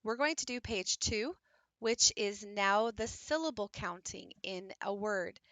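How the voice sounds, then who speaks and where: Female teacher, crisp bright tone, dry close-mic sound, patient hands-on tutorial delivery. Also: mid-range voice, unhurried, no echo. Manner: patient step-by-step explaining, demonstrating while working. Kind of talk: instructional craft tutorial.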